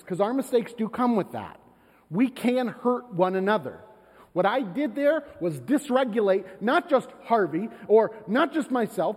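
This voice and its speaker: Pastor, male, lively storyteller, slightly high voice, long church reverb. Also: breathy edge. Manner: conversational, animated storytelling with laughs. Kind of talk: sermon with personal story. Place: church sanctuary.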